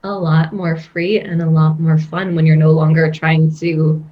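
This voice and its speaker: A woman guest coach talking in a casual podcast interview, expressive and rambling, laughing often. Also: deep voice, measured pace, highs cut off.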